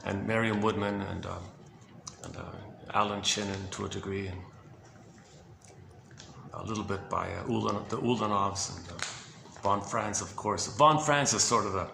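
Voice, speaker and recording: A man casually talking through quotes, meandering and correcting himself as he goes, with soft chuckles. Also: lowish voice, normal speed, gravelly. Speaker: host presenting quotes. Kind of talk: casual rambling talk. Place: indoor room. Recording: echoey room with background noise.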